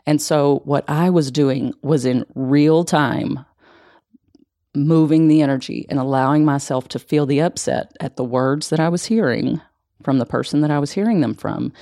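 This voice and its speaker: A woman gently teaching about feeling emotions, talking in a soft, reflective way that often sinks to a hushed near-whisper. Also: low-pitched, dry recording, studio quality. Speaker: emotional wellness coach. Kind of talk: conversational teaching.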